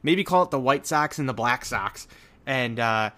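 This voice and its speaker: A man's voice: mid-range voice, animated, moderate pace, pushed and bright. A man co-hosting a casual sports podcast, talking in long rambling runs with many fillers and restarts. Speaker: podcast co-host.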